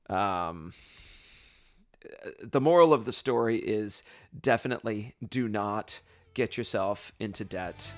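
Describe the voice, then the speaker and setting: A man hosting a podcast, telling a personal story in an animated, self-deprecating way, with plenty of ums and restarts. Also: on the low side, no room sound, studio quality. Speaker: podcast host.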